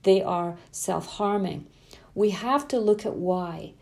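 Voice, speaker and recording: A woman's voice: medium pitch, slow pace, gravelly. A middle-aged woman talking to parents as a parenting coach, speaking emphatically and repeating words for stress. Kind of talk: earnest spoken talk to parents.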